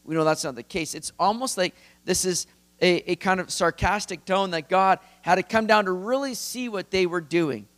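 Earnest, slightly high-voiced male preacher. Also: moderate pace, a bit bright. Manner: conversational, earnest, emphatic. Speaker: pastor. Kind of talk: expository sermon.

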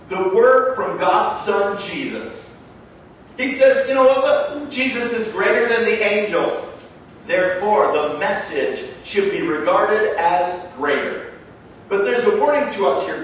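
A man's voice: high-pitched, a bit bright, slight background noise. A man preaching a sermon in a church, emphatic and conversational. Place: church sanctuary. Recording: echoey room heard from a distance.

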